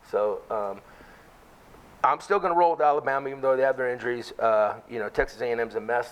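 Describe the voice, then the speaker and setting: A man's voice: medium pitch, low-quality recording. Rambling man talking sports picks. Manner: rambling, full of fillers and asides. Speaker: podcast co-host. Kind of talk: casual sports betting chat.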